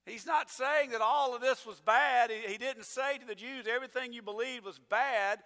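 Middle-aged guy preaching, high bright voice, loud punchy lines then quiet asides, long church reverb. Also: normal speed. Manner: emphatic preaching, rising to loud declarations then dropping low. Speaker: pastor. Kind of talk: sermon. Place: church sanctuary.

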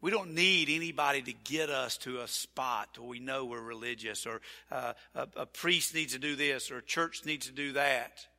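A man preaching a sermon as pastor, folksy and animated, repeating his phrases. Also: mid-range voice, moderate pace, few pauses. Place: church sanctuary. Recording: church hall reverb.

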